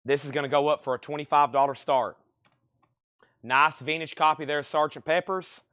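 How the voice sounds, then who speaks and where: A man running a livestream vinyl record auction with a quick, steady patter of grades, prices and bids, coughing now and then from allergies. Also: a little high, no room sound. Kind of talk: fast live-sale patter.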